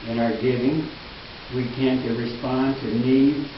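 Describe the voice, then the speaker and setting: A male pastor preaching a sermon in a church, earnest and emphatic, dropping into quiet asides. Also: medium pitch, steady tone, a little slow, background noise. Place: church sanctuary. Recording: echoey hall, distant mic, dull lo-fi.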